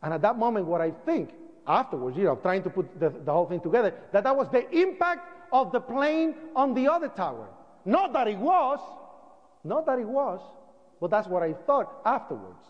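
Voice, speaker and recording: Lively man telling a story to an audience, high voice, dull recording echoing in a hall. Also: moderate pace. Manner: animated storytelling, acts out sounds and voices. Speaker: speaker recounting events. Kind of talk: public talk to an audience. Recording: dull lo-fi sound, long hall reverb.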